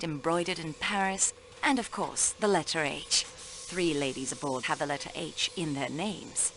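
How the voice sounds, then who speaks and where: An actress playing a sharp young female railway clerk questioning suspects in a video game, precise and polite. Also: lowish voice, slight background noise.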